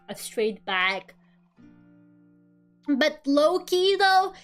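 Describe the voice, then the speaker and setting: A woman streaming while she draws, chatting in a rambling way, swearing freely and laughing often. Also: fairly high pitch. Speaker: streamer drawing live. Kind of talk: casual chat while drawing.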